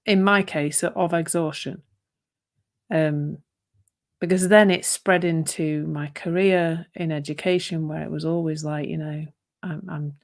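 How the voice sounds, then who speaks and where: A woman co-hosting a podcast, musing aloud in a thoughtful, rambling way and laughing easily. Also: lowish voice. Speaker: podcast co-host. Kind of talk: casual reflective conversation.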